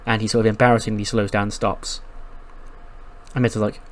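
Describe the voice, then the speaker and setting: A man giving casual, animated commentary on a wrestling sim game, swearing now and then. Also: fairly low pitch, a little fast. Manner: animated, profane. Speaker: gaming commentator. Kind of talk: casual let's-play commentary.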